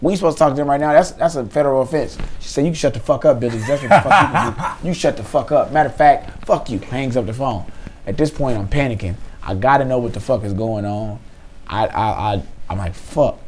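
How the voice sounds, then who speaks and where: A man's voice: medium pitch, a little hiss or hum. A man hosting a podcast, telling a comic story and acting out both sides of a phone call. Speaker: podcast host. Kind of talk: comedic storytelling.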